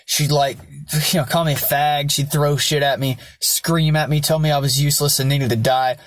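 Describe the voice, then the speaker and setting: A man's voice: fairly high pitch, fairly even intonation, normal speed. A young man telling his personal backstory in a candid vlog, blunt and rambling, with lots of swearing. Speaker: vlogger.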